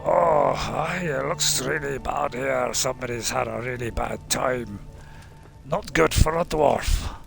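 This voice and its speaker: A man voicing a gruff, blunt male dwarf warrior with a put-on Scottish accent, commenting in character while playing a game. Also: medium pitch, slow pace, soft background music. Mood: grim. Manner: plain-spoken, grumbling in-character remarks.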